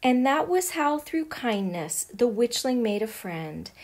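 A woman reading a rhyming picture book aloud in an unhurried, sing-song delivery. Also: on the high side, very animated, darkish tone. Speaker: storyteller.

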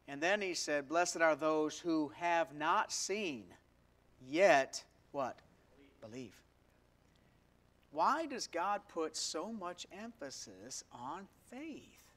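A man who is a pastor, leading a prayer and then preaching to his congregation, asking them questions and stressing key words. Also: a little high. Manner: prays softly, then preaches with rising emphasis and questions to the congregation. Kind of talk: sermon. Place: church sanctuary.

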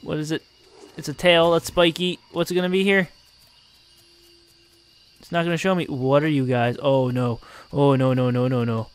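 A man giving excitable, exasperated gameplay commentary and laughing often as he plays. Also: on the high side, moderate pace, pauses often, smooth, no room sound. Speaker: let's play host.

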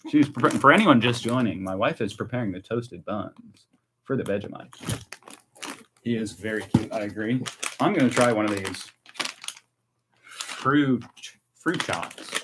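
An American man chatting casually and excitedly on a live stream while tasting snacks. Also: lowish voice, a little slow, pauses often, background noise. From United States. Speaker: vlogger.

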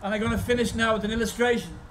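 A man's voice: very high-pitched, steady tone, very fast, a bit bright, far from the mic, a little hiss or hum, poor audio. A man preaching an impassioned sermon as a guest speaker, telling stories at an outdoor car park service.

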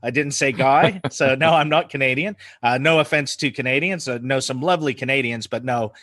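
A man in his forties from the United States with an American accent softened by New Zealand, chatting casually as a podcast guest and laughing often. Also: mid-range voice, a little fast, no room sound, clean studio sound. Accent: American with New Zealand influence. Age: 40s. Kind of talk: casual chat.

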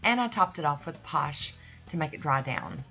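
Low-voiced woman chatting through a nail tutorial. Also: very animated, moderate pace, gravelly, sharp tone. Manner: rambling, folksy, loses her train of thought. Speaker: nail art channel host. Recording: dull lo-fi recording with faint music.

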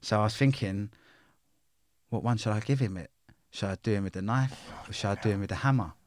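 Blunt, swearing man, low voice. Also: a little fast, no echo, clean studio sound. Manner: blunt, swearing, street slang, intense. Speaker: interview guest. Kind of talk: candid life-story interview.

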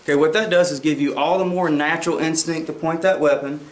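A man's voice: a little high, fairly even intonation, quick pace. A man teaching handgun basics as an instructor, explaining step by step, checking in with "okay?" and mimicking shots aloud. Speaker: firearms instructor. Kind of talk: demonstration lesson. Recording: roomy echo.

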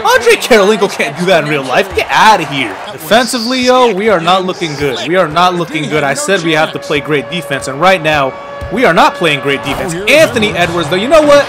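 Male gamer commentator, high voice, excitable and quick to rant, game music loud behind him. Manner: excitable, frustrated ranting at the game. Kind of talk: casual gameplay commentary. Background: game music and sound.

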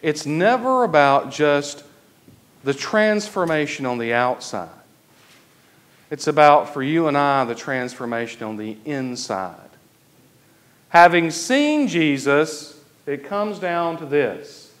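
This Episcopal priest's sermon in a church is slow and deliberate, with key phrases stretched for emphasis, delivered in an animated, slightly high voice.

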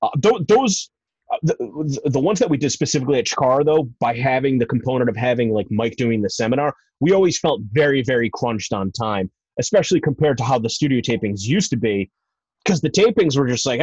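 A man's voice: mid-range voice, lively intonation, brisk, a little mellow, breathy edge, no room sound. A man hosting a podcast interview, asking questions and thinking aloud in a rambling way. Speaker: podcast host and wrestling promoter. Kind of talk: casual interview. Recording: dull, dry lo-fi sound.

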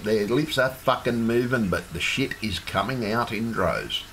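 A man's voice: mid-range voice, animated, a little slow, hardly any pauses, fairly bright tone. An Australian man ranting angrily in a home video, swearing as he goes. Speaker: protester. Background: fish tank hum.

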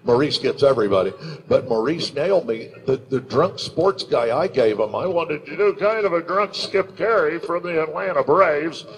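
An older man on a convention panel, animated and storytelling, who drops into announcer and character voices. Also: on the high side, moderate pace, poor audio. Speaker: voice actor and panel guest. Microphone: handheld microphone.

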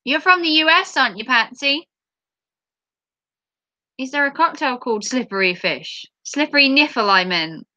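A woman's voice: high-pitched, lively intonation, moderate pace, long pauses, pushed and bright, dry recording, highs cut off. A woman from England with a Norfolk accent, chatting casually on a livestream and answering her chat aloud. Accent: Norfolk English.

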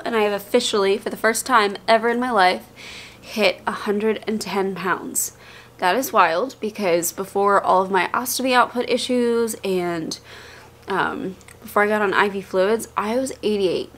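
A woman's voice: on the high side, a bit bright. A young woman vlogging casually to camera, chatty and candid, with a rambling, open way of talking. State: tired and queasy, out of breath.

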